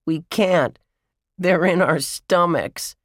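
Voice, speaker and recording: A man's voice: on the high side, big pitch swings, unhurried, no room sound, clean studio sound, pitched above the performer's own voice. Man playing a crowing little boy twin. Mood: gleeful. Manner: gleeful, crowing. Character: small cheeky boy twin.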